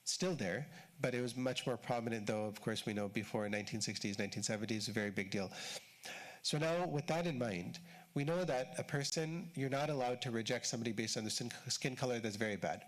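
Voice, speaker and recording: A man's voice: mid-range voice, brisk. A man giving a conversational religious lecture at a mosque, explaining in short repeated phrases with casual fillers. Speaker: shaykh giving a mosque talk.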